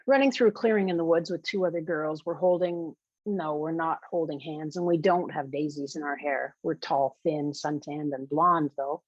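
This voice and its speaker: Low husky woman reading her novel. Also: no echo, muffled recording. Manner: measured, intimate storytelling. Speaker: author reading own book.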